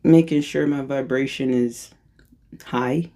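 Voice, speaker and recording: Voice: steady tone, takes it slowly, mellow, a little hiss or hum. Playful rambling spiritual channeler. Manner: playful and self-mocking, jumps into high-pitched voices for quotes; rambling, restarts and corrects itself. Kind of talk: freestyle channeling monologue.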